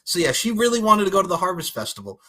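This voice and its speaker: Man, podcast co-host, animated and profane, lively bright voice, acts out movie scenes. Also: high-pitched, fast. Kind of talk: casual movie recap chat.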